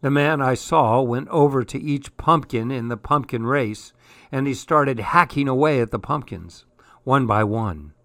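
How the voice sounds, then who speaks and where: A man reading a spooky children's story aloud, measured and steady. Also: mid-range voice, no echo. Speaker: story reader.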